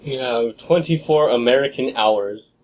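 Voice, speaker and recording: A man's voice: mid-range voice, poor audio. A young man co-hosting a podcast in casual chat, joking and laughing often. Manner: jokey, laughs often, slow drawl. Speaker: podcast co-host.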